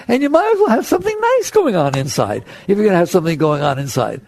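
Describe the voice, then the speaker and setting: A man giving a spiritual talk to an audience, conversational and animated, acting out the voices in people's heads. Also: sits high, fast, vocal fry, few pauses, no echo. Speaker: spiritual teacher.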